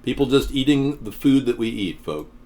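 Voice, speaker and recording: A man's voice: medium pitch, expressive, moderate pace, darkish tone. A man hosting a political talk show, reacting to a video and reading viewer comments with indignant, sarcastic commentary. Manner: indignant, sarcastic, talks back to chat. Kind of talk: live commentary on video and chat.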